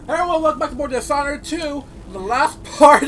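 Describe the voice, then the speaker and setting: A man giving loud, profane let's-play commentary, often shouting and exclaiming. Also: very high voice, fairly quick, hardly any pauses, slight background noise. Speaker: gaming YouTuber. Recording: game audio with music underneath.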